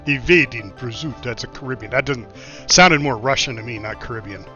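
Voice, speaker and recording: A man's voice: mid-range voice, a little fast, sharp tone. A man casually commenting on a strategy game as he plays, thinking aloud with many fillers. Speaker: gameplay streamer. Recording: slightly dull lo-fi mic with faint music.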